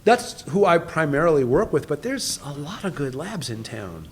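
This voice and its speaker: Eager higher-voiced man in his fifties. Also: big pitch swings, normal speed. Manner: emphatic, enthusiastic, repeats words when starting. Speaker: dentist guest. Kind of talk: podcast interview.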